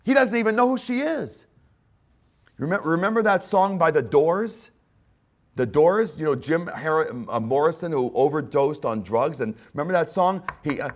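Animated, fervent male preacher. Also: on the high side, moderate pace. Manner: fervent, repetitive, emphatic preaching that swings between hushed and loud; speaks directly to listeners as "my friend". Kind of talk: sermon.

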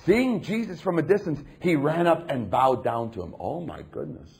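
A man preaching a sermon with a husky, slightly breathy voice. His pitch rises and falls widely as he shifts from low, hushed phrases to loud, emphatic passages. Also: expressive, normal speed.

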